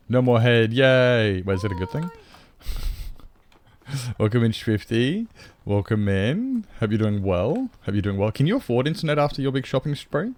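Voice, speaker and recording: A man's voice: on the low side, darkish tone. A man streaming a game, chatting casually and rambling, swearing freely, into a desk microphone. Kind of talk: casual live-stream chat.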